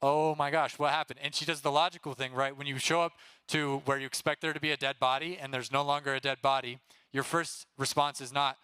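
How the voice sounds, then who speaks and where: Bright, upbeat young male youth pastor. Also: mid-range voice, brisk, clean tone, no echo. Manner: energetic, casual, keeps asking "right?". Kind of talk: teaching a Bible lesson to students.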